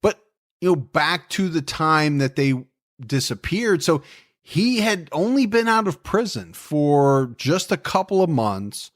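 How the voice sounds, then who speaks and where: A fairly high, very lively male voice moving at a measured pace. He co-hosts a true-crime podcast, walking through the case in a loose, joking, conversational style full of asides.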